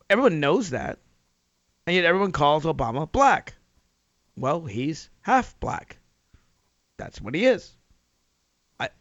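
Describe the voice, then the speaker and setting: A man's voice: fairly high pitch, a bit bright, dry recording, lo-fi sound. A man from Tennessee hosting a radio talk show, arguing his point with rhetorical questions and emphatic rises. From Nashville, Tennessee, US. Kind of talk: opinion talk radio monologue.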